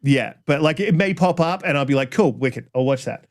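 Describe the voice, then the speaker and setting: A man's voice: mid-range voice, expressive, a little fast. Rambling, apologetic male podcast host. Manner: rambling, apologetic, frequent "um"s and restarts. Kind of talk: casual podcast chat.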